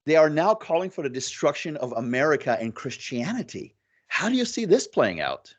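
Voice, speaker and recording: A man's voice: on the high side, big pitch swings, brisk. A man hosting an interview, asking long leading questions and chiming in with brief agreement. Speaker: podcast host.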